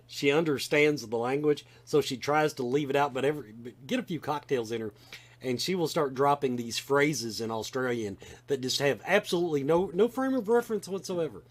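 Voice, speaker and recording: A man's voice: mid-range voice, brisk. A man with a Kentucky Southern accent hosting a casual podcast chat, rambling and restarting as he goes. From Kentucky, USA. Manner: animated, rambling with many restarts. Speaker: podcast host.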